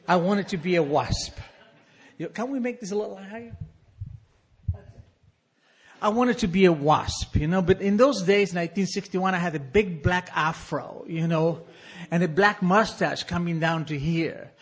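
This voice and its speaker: A man's voice: sits high, moderate pace, slightly rough. A middle-aged man from Argentina with an Argentine Spanish accent, telling a wry, self-mocking story to a live audience on a stage microphone.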